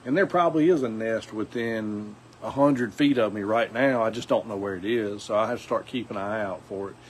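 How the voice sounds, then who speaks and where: A man's voice: on the low side, a little fast, poor audio. Southern man, folksy rambling vlog talk, lots of ums and restarts, faint outdoor hiss behind him. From South Alabama. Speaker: outdoors vlogger. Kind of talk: casual talk to camera.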